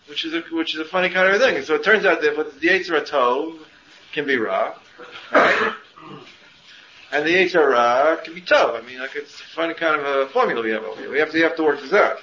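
A man's voice: a little high, bright, forceful tone, a little hiss or hum. A man teaching a class on Jewish thought, lecturing with rhetorical questions and frequent restarts. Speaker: Torah teacher. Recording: muffled roomy classroom recording with faint ambience.

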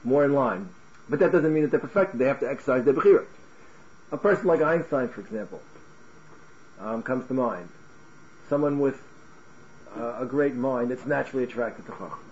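A man teaching a Talmud class in an animated way, firing off rhetorical questions and restarting his words. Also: mid-range voice, a little fast, pauses often, highs cut off, a little hiss or hum. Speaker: Torah teacher.

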